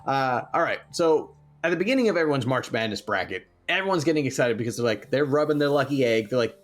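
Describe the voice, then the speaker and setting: A man's voice: medium pitch, animated, quick pace, few pauses, faint music behind. A man co-hosting a podcast, bantering casually in a playful, jokey way and laughing often. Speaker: podcast co-host.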